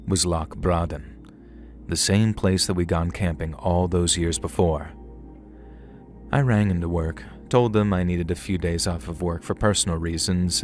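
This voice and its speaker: Deep-voiced man telling a creepy story. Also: a little hiss or hum. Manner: wry, conversational, measured. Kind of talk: scripted horror story narration.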